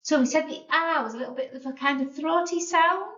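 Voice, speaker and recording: A woman's voice: high voice, brisk, a bit bright. A woman teaching a beginner language lesson, patiently sounding out and spelling words. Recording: roomy, distant, dull lo-fi sound.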